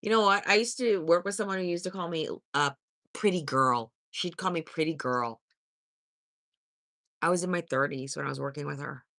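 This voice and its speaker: A woman's voice: deep voice, moderate pace, fairly bright tone, dry recording, studio quality. A woman in her fifties hosting a casual livestream, reading and answering viewer comments in a blunt, sassy way full of swearing. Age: 50s. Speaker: livestream host.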